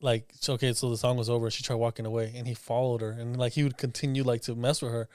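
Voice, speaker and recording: A man's voice: medium pitch, little pitch movement, darkish tone, clean tone, no echo, clean studio sound. A man, a former bouncer, telling stories in casual podcast chat, full of slang and swearing. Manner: fast, slangy, swears, says bro.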